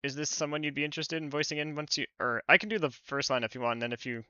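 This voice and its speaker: Soft-spoken man streaming a game. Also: on the high side, rapid-fire, smooth, no echo, highs cut off. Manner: soft-spoken, hesitant, lots of fillers. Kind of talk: casual game commentary and reading. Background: game music.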